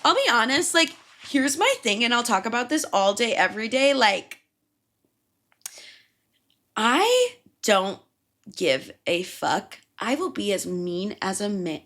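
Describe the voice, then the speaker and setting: A young woman from Chicago hosts a casual solo podcast and rants in a profane, storytelling style. Her pitch swings widely, rising high and dropping low within a sentence. She sounds loose and unscripted. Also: fairly bright tone. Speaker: podcast host.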